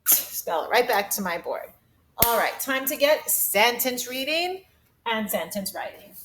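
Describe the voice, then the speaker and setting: A young adult woman teaching a phonics lesson to young children from home, in a slow, sing-song teacher voice that exaggerates the rhythm of sentences. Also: fairly high pitch, expressive, background noise.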